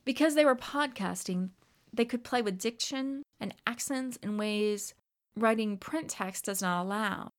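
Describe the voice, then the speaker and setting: A woman instructor narrating a scripted lecture about teaching writing, in a measured academic reading manner. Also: fairly high pitch.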